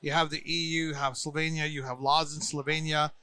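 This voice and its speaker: A man's voice: on the high side, flat delivery, bright, forceful tone, clear, resonant tone. A man hosting a podcast, talking in a chatty, playful way and interviewing guests at a conference. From United States. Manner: chatty, playful, quick bursts of talk. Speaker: podcast host. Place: busy conference venue.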